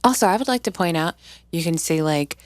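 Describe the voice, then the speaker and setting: A woman hosting a casual recap video, talking in an animated, blunt and profane way. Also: fairly low pitch, brisk, no echo, clean studio sound. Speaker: video host.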